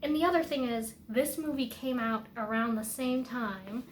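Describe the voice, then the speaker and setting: A woman's voice: a little high, moderate pace, slight background noise. A woman giving casual, rambling film commentary as a vlogger, chatty and opinionated, with many fillers and restarts.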